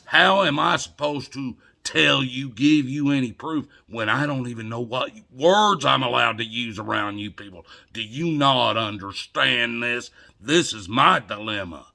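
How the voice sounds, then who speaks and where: An older man delivering an emotional, scolding monologue to camera, swinging between loud outbursts and hushed murmurs. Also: mid-range voice, unhurried, gravelly, few pauses. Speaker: video blogger.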